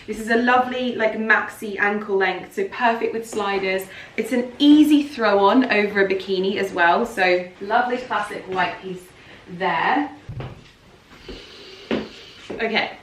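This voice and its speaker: A woman's voice: medium pitch, a little slow, far from the mic. An English woman chatting through a clothing try-on haul, gushing, chatty and emotional. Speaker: fashion vlogger. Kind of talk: casual try-on haul chat. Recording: roomy, off-mic sound with faint background noise.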